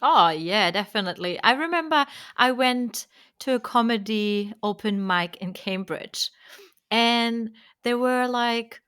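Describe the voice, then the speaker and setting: Friendly woman, smooth voice. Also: medium pitch, fairly bright tone. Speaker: host. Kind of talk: casual chat.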